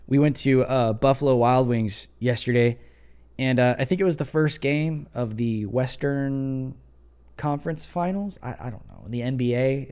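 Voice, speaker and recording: A young adult man hosts a casual opinion livestream in a darkish, clear, resonant voice. He's sarcastic and mocking, talks loosely with many fillers, and mimics others in high voices.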